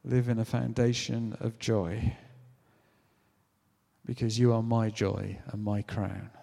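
A British man preaching a sermon in a chatty, animated way, acting out quotes as he tells stories. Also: fairly low pitch, takes it slowly, vocal fry, in a large hall. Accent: British English. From Britain. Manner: conversational, animated storytelling with acted-out quotes.

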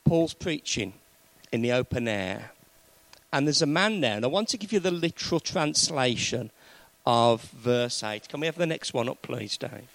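A man preaching a sermon to a congregation, emphatic, swinging between loud raised peaks and low, quiet stretches. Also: animated, normal speed, creaky, dry recording, low-quality recording.

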